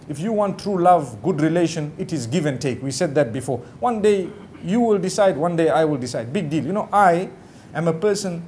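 A middle-aged Islamic preacher gives a sermon-style lecture to a live audience, speaking casually with many "you know" asides and acting out other people's quoted lines. His voice sits high and a little mellow, with slight background noise.

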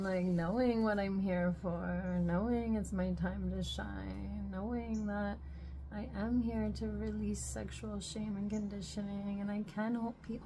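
A young woman talking to camera in a casual, reflective spiritual vlog, rambling with lots of "like" and sometimes dropping to a soft whisper. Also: mid-range voice, gravelly, background noise. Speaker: spiritual vlogger.

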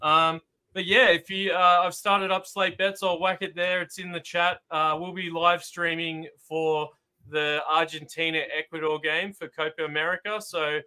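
A man with an Australian accent, guesting as a football analyst, talking through stats in a measured way with many "um"s. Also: a little high, flat delivery, pushed and bright, smooth. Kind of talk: casual chat.

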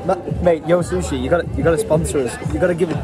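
A young man hosting his vlog, chatting excitedly and laughing often over a meal in a busy restaurant. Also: a little high, racing. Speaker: vlogger host. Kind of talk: casual chat. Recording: noisy restaurant with music and chatter.

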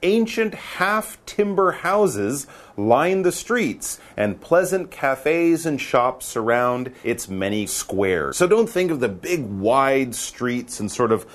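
Animated male English teacher. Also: slow pace, few pauses. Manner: animated, playful, wide pitch swings. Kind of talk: lively explanatory chat.

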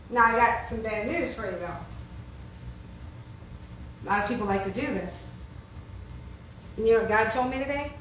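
High bright woman preaching in echoey room. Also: lively intonation, unhurried, pauses often, a little hiss or hum. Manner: questions and answers with the audience, emphatic. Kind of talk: informal sermon to a congregation. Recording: echoey room, heard from far off.

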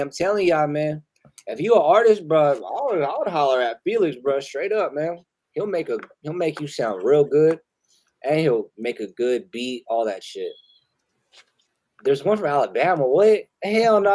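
Guy hosting a live music review, rowdy slangy talk, cussing a lot, kinda high voice. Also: lively intonation, moderate pace. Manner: loud, slangy and profane, laughing often. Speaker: host reviewing submitted music. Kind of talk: casual live-stream chat.

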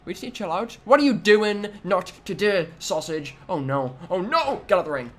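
Excitable young man commentating a game. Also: sits high, normal speed. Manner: excitable, trash-talking the opponent, sudden loud outbursts. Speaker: gaming YouTuber. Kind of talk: let's-play commentary.

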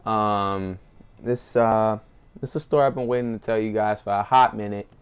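A man's voice: on the low side, fairly even intonation, moderate pace, clear, resonant tone. A young man telling a comic story-time tale in a slangy, rambling voice, full of fillers and bursts of hype. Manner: hyped, acts out friends' voices in quotes. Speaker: storyteller vlogger.

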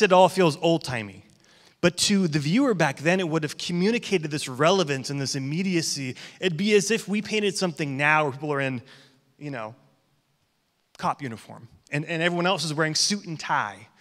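A man's voice: fairly high pitch, a bit bright. A man in his thirties preaching a sermon as pastor, telling stories in a conversational, joking way. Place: church hall. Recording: long hall reverb.

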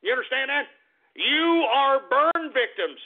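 A man's voice: very high voice, expressive, measured pace. A man hosting a talk radio show, ranting gleefully and mocking his listeners. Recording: tinny phone-like radio audio.

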